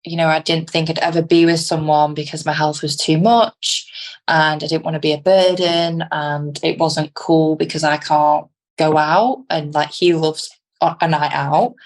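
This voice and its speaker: A young British woman with a low voice co-hosts a podcast, chatting casually at a moderate pace in a level tone. She laughs often and uses British slang.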